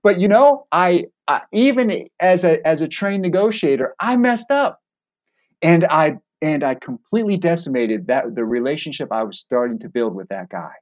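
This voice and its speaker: A middle-aged man, a former hostage negotiator, telling a story from his own experience as a podcast guest. He speaks in a calm, deliberate way and pokes fun at himself with wry laughs. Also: a little high, muffled recording. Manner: self-deprecating, with wry laughs. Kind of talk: anecdotal storytelling in a podcast interview.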